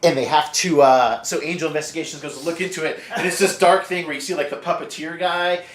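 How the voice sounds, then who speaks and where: A man's voice: on the high side, fairly even intonation, quick pace, roomy sound. A man co-hosting a podcast in casual chat, eagerly recapping episodes and acting out lines from them. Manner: enthusiastic episode recaps with quoted voices. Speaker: podcast co-host.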